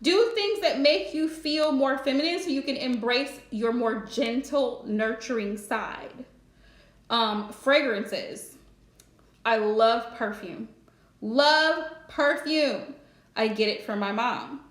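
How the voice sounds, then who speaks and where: A woman's voice: a little high, slow pace, echoey room. A woman hosting a live stream and giving relationship advice in a chatty, direct way, laughing often. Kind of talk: casual live-stream chat.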